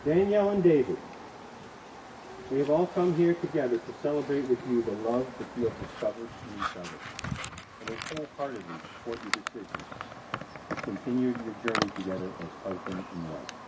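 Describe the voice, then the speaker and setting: Lively male wedding officiant outdoors. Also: mid-range voice, brisk, very noisy. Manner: relaxed, storytelling, lightly joking. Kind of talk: wedding ceremony address. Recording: outdoor ceremony with insects and birds.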